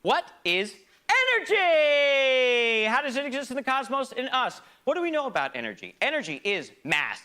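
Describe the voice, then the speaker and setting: A man performing a theatrical comic monologue, swinging between loud outbursts and hushed asides in a mock-grand, philosophical manner. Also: very high-pitched, big pitch swings, brisk, hardly any pauses. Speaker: stage performer.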